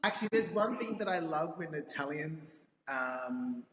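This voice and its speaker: Animated Australian man in a reverberant room. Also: on the high side, a little slow. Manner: animated storyteller, laughs often. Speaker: guest. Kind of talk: casual interview chat. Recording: reverberant room with faint ambient noise.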